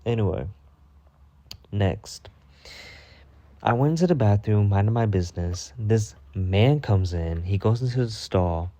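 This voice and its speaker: A man telling casual storytime anecdotes, profane and animated, with sudden high-pitched bursts when he quotes himself. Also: unhurried, long pauses, dry recording. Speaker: storytime vlogger.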